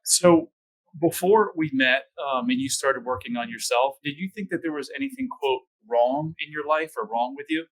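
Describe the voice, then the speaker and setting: A man's voice: a little high, animated, moderate pace, low-quality recording. Man, podcast host, conversational, probing questions, restates points. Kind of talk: conversational interview.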